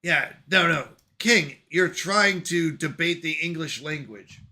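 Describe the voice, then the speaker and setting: High bright-voiced laughing streamer man. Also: takes it slowly. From Canada. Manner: laughing, playful, bantering with chat. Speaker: livestream host reading chat. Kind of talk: casual live-stream chat. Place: at home on a couch.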